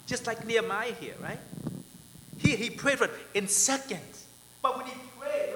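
A man preaching as a pastor, telling personal stories, often asking "right?" and swinging between loud and soft. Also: extremely high pitch, normal speed, background noise. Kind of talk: sermon with personal testimony. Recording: echoey hall, speaker drifting off mic.

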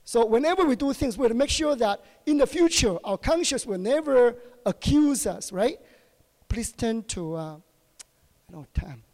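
High-voiced preacher in a reverberant hall. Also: male voice, expressive, a little mellow. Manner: asks the congregation short questions, halting with many fillers. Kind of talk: sermon.

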